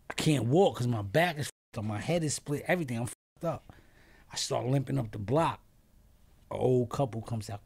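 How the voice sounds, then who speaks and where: Speaking a little fast at medium pitch, this podcast guest from New York spins a casual story, voicing the people he quotes and cursing without restraint. He frequently breaks off mid-sentence and starts over.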